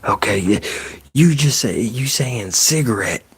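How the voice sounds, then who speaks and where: A man chatting casually on an ASMR live stream, soft-spoken and slipping into whispers, loose and a bit profane. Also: medium pitch, animated, measured pace, breathy edge.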